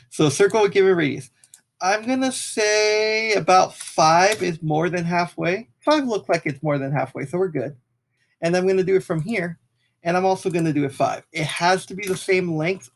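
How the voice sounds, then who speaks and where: Casual man talking through a math tutorial. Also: a little high. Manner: casual, talks while clicking, apologizes for slips. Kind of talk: screen-recorded software tutorial.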